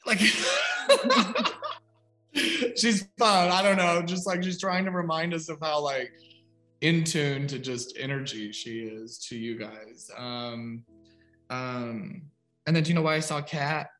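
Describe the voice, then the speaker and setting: Young guy doing a psychic reading, bright tense voice, kinda high, rambles with lots of "like", faint music behind. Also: big pitch swings, slow. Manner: chatty, rambling, full of "like". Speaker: psychic medium giving a reading. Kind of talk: casual spoken reading on a video call.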